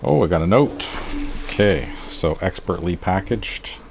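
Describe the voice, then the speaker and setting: A middle-aged man chatting casually and excitedly while unboxing comic books for his channel. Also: sits low, a little slow, gravelly, noisy background. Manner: excitable, exclaims often. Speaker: comic book vlogger.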